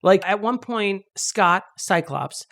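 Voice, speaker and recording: A woman's voice: mid-range voice, expressive, slow pace, a bit bright. A woman co-hosting a podcast, chatting casually about a movie and joking and laughing often. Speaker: podcast co-host. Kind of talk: casual movie-review chat.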